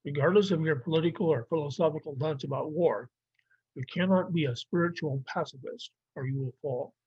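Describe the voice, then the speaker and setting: A man's voice: on the high side, brisk, slightly rough, no echo. A man teaching a Bible survey lesson, explaining plainly with some fillers and restarts. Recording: dry, muffled lo-fi recording.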